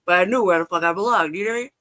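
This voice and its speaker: A woman hosting a live stream, telling a personal story in casual, profane talk, often laughing and acting out past exchanges. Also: mid-range voice. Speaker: livestream host.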